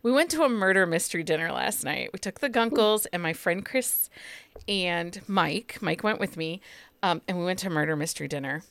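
A woman's voice: fairly low pitch, animated, brisk, fairly bright tone, dry recording. A woman hosting a podcast in casual chat, chatty and laughing often. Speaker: podcast host.

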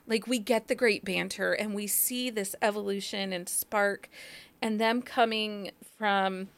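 A woman in her forties hosting a podcast interview, chatty and quick to laugh at herself. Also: mid-range voice, steady tone. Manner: chatty, laughs often, self-deprecating. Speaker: podcast host.

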